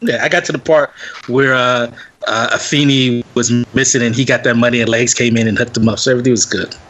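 A man's voice: mid-range voice, quick pace. A young man hosting a podcast, telling a story in casual chat, acting out what people said and laughing often. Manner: animated storyteller, acts out quotes, laughs often. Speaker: podcast host.

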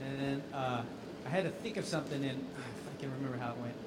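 Background noise is slight as a male voice actor speaks fast at a medium pitch. He's a convention panel guest in a casual Q&A, telling animated stories and laughing often.

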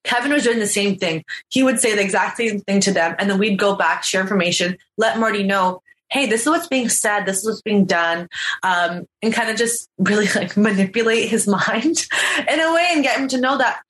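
A woman telling her story in a casual interview, animated and acting out what people said. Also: mid-range voice, a little fast. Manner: animated storyteller, acts out quotes. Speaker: reality show contestant. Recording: echoey room.

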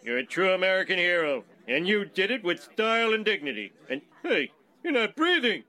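A man's voice: high-pitched, very animated, moderate pace, a crowd in the background. A man voicing a dim, gluttonous middle-aged cartoon family man, whiny and bewildered. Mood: admiring.

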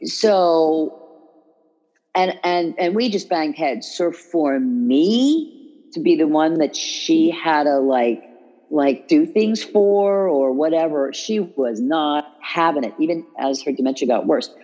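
A woman with a low, mellow voice talks in a loose, conversational way. She restarts sentences and leans on fillers as she builds her point. The audio is dull and lo-fi, like a remote call. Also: takes it slowly. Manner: animated, restarts often, many fillers. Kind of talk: casual conversational chat. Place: New York.

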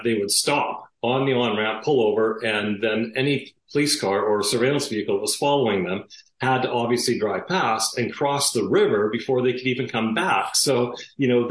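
A former police detective, a man of average pitch, tells his anecdote in a loose, animated way, full of fillers and bursts of laughter. His voice carries the roomy echo of the space he is recorded in. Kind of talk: conversational storytelling.

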